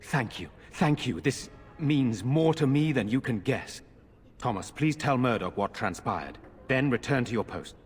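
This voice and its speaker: An actor playing an earnest nobleman in a video game, speaking in a formal, measured way. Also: mid-range voice, lively intonation, breathy edge. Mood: grateful. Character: grave noble lord, older brother, earnest man. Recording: long reverb.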